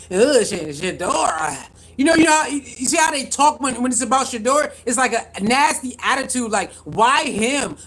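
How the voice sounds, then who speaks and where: Animated high-voiced man ranting on stream. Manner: animated, repetitive, slangy, addresses viewers. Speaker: vlogger reacting to sports news. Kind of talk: live reaction stream.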